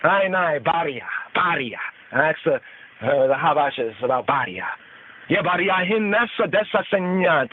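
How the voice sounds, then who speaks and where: A man slowly teaching a psalm on a call-in podcast, reading each verse aloud and then repeating and explaining it word by word. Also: a little high, animated. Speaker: podcast host teaching scripture. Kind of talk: slow devotional scripture teaching. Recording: tinny phone-line call-in audio.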